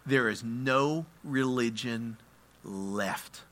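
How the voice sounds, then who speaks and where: A man preaching a sermon, moving between quiet explanation and loud, impassioned passages where he acts out prayers. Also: medium pitch, extremely slow. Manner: acts out prayers and quotes in his own voice. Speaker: pastor.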